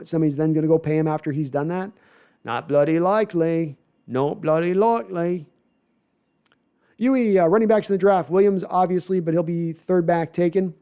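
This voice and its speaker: A man hosting a casual live stream, reading viewer comments aloud and answering them with quick asides and self-corrections. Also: fairly high pitch, warm tone. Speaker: livestream host answering viewer chat. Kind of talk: casual live chat about football.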